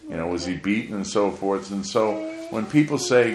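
A man's voice: fairly low pitch, animated, moderate pace, roomy sound. A man preaching a sermon as pastor, asking his listeners rhetorical questions. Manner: asks the congregation rhetorical questions.

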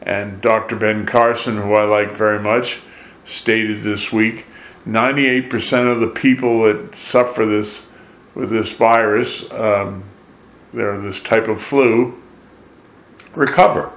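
A man with a fairly low voice and an unhurried, drawn-out delivery, preaching to his listeners. He sings scripture lines and talks through his message. The sound is roomy and echoey. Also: fairly even intonation, a bit bright. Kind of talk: sung worship then sermon.

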